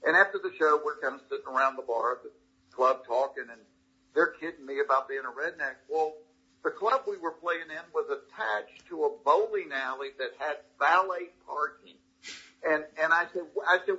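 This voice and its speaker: A man's voice: fairly high pitch, moderate pace, pushed and bright, breathy edge. A middle-aged man with a thick Southern US accent, telling a story as an interview guest in a folksy, good-natured way. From Georgia, US South. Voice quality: thick drawl. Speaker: comedian guest. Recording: slightly dull lo-fi audio.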